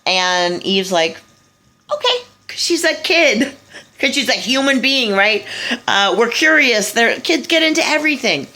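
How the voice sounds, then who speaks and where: A woman's voice: fairly high pitch, expressive, measured pace, bright, forceful tone. A woman retelling a story in a casual monologue, blunt, profane and scornful, with loose asides and restarts. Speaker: speaker giving a talk.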